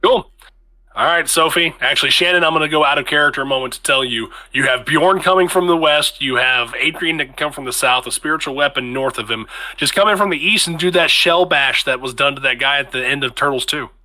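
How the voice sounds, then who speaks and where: Man, game master, tabletop game narration, casual and joking, very bright voice. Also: a little high, brisk.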